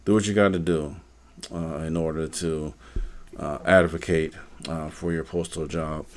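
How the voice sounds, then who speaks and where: A man's voice: very deep voice, steady tone, a little slow. A man hosting a live stream, talking casually and rambling, with many fillers and repeated words. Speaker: live stream host, postal worker.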